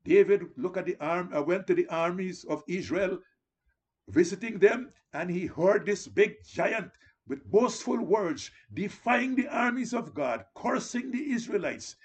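A man's voice: high voice, animated, measured pace, breathy edge. A man preaching a sermon in an earnest, exhorting manner, often calling his listeners "beloved" and rising into emphatic declarations.

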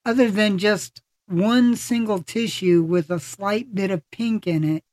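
A podcast host chatting casually, speaking in halting sentences with many fillers and restarts. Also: medium pitch, darkish tone, no echo. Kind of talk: casual conversational chat.

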